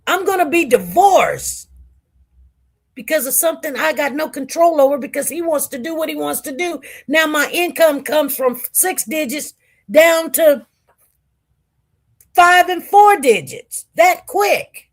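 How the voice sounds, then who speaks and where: A woman in her forties gives emotional personal testimony from the witness stand. She talks unhurriedly in a fairly high voice, using animated, colloquial storytelling. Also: a little slow. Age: 40s.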